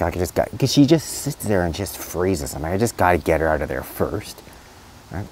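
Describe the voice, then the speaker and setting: Middle-aged male vet, low voice, loose and chatty with many fillers and restarts. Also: slight background noise. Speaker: veterinarian. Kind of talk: casual spoken advice video.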